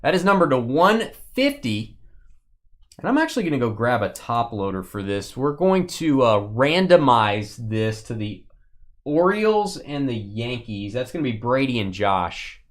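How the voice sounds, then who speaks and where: A man's voice: mid-range voice, sing-song, a little slow. A man hosting a live stream where he opens sports cards, chatty and joking, calling out viewers by name. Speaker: live card break host. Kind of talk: live stream chat while opening cards.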